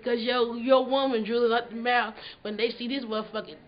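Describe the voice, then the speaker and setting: Woman vlogger, high voice, brash and foul-mouthed, slightly lo-fi sound. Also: steady tone, a little fast. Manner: profane, boisterous, rambling. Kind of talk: casual vlog chat.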